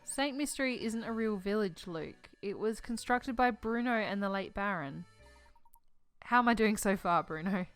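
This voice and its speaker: A woman voicing a calm, courteous middle-aged gentleman professor in a puzzle game. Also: medium pitch, moderate pace, smooth, faint music behind, lightly acted.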